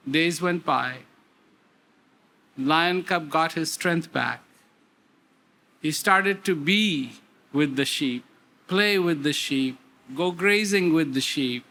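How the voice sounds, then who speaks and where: A man giving a talk, telling a parable slowly with emphatic repetitions. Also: a little high, expressive, bright, forceful tone, a little hiss or hum. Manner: slow, repetitive, emphatic storytelling. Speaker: speaker. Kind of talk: storytelling talk.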